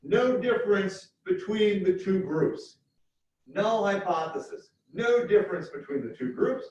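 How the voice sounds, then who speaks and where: A man lecturing a university class, explaining step by step and repeating key points slowly. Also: high voice, lively intonation, a little mellow. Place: lecture hall. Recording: echoey hall from far off, dull.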